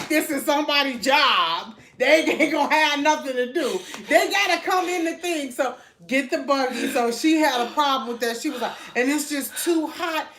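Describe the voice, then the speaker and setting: A middle-aged woman, a mother, chatting casually and telling animated stories, laughing as she acts out what people said. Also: high voice. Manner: animated, laughing storyteller who acts out quotes. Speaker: mother of the host, salon co-owner. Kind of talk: casual storytelling chat.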